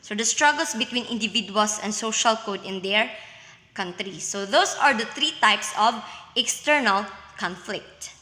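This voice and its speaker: Slow, bright-voiced woman teacher in an echoey room. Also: mid-range voice, expressive. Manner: slow, step-by-step explaining, frequent "so" and "okay?". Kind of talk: recorded classroom lesson. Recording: echoey room with long reverb.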